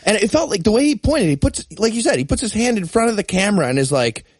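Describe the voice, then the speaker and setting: A man co-hosting a comedy podcast, cracking deadpan jokes in casual banter. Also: high-pitched, quick pace, dry recording.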